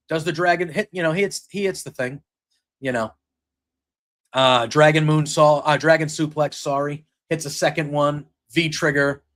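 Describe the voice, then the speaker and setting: A man's voice: a little high, a bit bright. A man hosting a wrestling podcast, telling back a show in a loose, rambling way with many fillers and quoted lines. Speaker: podcast host recapping wrestling. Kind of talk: casual spoken recap.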